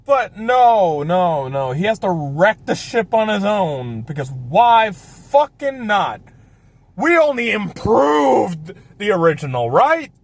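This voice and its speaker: A man's voice: sits high, sing-song, takes it slowly, dry recording. A man hosting a casual film review chat, ranting and swearing a lot. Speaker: host.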